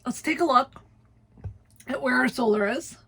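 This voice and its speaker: Chatty woman vlogger, breathy. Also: sits high, moderate pace, fairly bright tone. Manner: chatty, laughs often. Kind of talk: casual vlog narration.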